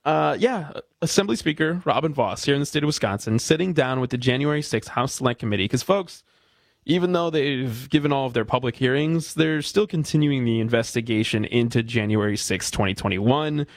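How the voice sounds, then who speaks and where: A man's voice: medium pitch, brisk, no room sound, clean studio sound. A man co-hosting a casual radio talk show, affable and newsy in manner. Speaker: co-host.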